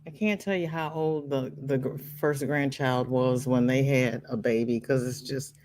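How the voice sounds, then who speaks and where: A woman's voice: extremely low pitch, fairly even intonation, normal speed, darkish tone. An older woman hosting a casual craft livestream, chatting and reading viewer comments aloud in a teasing, friendly way. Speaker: livestream host.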